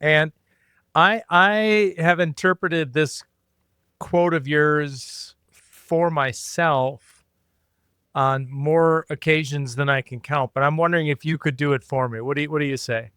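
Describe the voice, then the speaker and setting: A man's voice: on the high side, steady tone, unhurried, bright, forceful tone, clear, resonant tone, dry recording, studio quality. A man co-hosting a podcast who asks questions eagerly and enthusiastically. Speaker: podcast co-host, history teacher. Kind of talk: casual podcast conversation.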